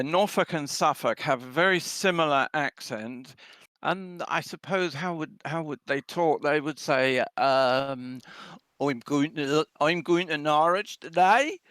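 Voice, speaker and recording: A man in his seventies from London with a London accent, chatting casually on a video call, talking with many pauses and ums. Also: mid-range voice, a bit bright, clean tone, no echo. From London, England. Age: 70s. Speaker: guest speaker.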